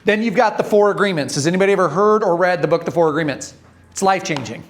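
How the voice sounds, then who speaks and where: A man's voice: high voice, quick pace. A man giving a talk to an audience, telling stories, quizzing the crowd and acting out the voices in his stories. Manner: storytelling, asks the audience questions, acts out voices. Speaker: speaker training dental or medical teams.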